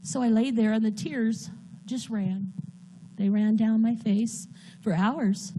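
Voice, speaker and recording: A woman giving a personal testimony in a church, speaking earnestly and haltingly while holding back tears. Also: a little high, fairly even intonation, warm tone.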